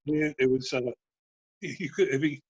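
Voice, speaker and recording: A man's voice: a little high, moderate pace, slightly rough, no echo, highs cut off. A man in his sixties, a former band road manager, telling profane backstage stories casually and acting out the dialogue. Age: 60s. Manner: profane, animated anecdotes with acted-out dialogue. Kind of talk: casual storytelling.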